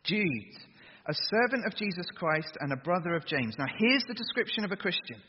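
A man preaching a lively sermon to young people, getting them to chant along. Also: high voice, moderate pace, slight background noise. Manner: energetic, gets the crowd to chant along. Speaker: youth preacher. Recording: dull echoey hall recording.

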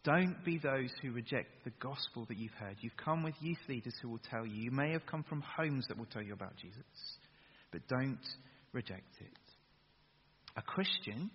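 A man preaching a sermon and leading a prayer to a youth audience in a large hall, earnest, switching between loud urging and soft hushed lines and leading the crowd in call-and-response. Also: medium pitch, a little hiss or hum. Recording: dull lo-fi recording with long hall reverb.

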